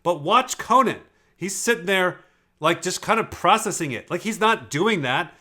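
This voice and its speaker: A man's voice: high voice, expressive, moderate pace, bright, forceful tone. A man giving casual commentary on video clips, explaining in an emphatic, profane way. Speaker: personality typing commentator.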